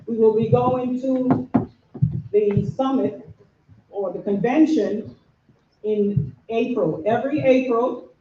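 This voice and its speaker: A woman from New York with a New York accent, an organization officer giving an earnest, measured address to a community audience. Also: a little high, slight background noise. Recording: echoey, dull room recording from far off.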